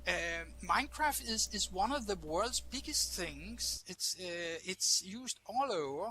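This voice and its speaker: A man's voice: high-pitched, animated, takes it slowly, pushed and bright, a little hiss or hum. A man speaking as an in a casual online discussion, hesitant, with many fillers and repeated words. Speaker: participant teacher.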